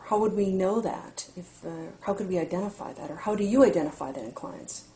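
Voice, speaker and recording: Mellow-voiced woman asking questions. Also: mid-range voice, brisk. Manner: curious, asks follow-up questions. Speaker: interviewer. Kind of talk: interview questions.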